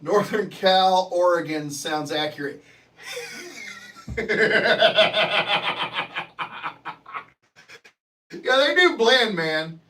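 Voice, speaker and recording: A man's voice: high-pitched, expressive, very slow, long pauses, bright, forceful tone, recorded from a distance, low-quality recording. A man hosting a livestream, chatting casually and answering viewer comments in a profane, joking way. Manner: profane, joking, laughs often. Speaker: livestream host.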